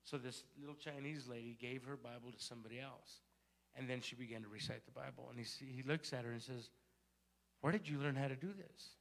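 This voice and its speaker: A man's voice: medium pitch, a little fast, vocal fry. A male pastor telling a story in a sermon and building to fervent exhortation. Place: church sanctuary.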